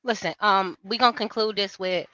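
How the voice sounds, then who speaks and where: A woman's voice: medium pitch, steady tone, moderate pace, sharp tone, no room sound. A woman panelist on a live stream, sassy and teasing, with emphatic slang, heard over dull lo-fi call audio. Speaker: regular panelist. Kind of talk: casual live-stream chat.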